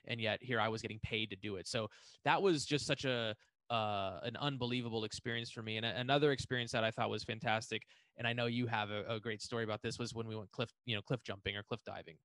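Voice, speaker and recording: Fast-talking man reminiscing eagerly. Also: on the low side, steady tone, a bit bright, no room sound. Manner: quick, enthusiastic reminiscing. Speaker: podcast co-host. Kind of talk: casual conversation.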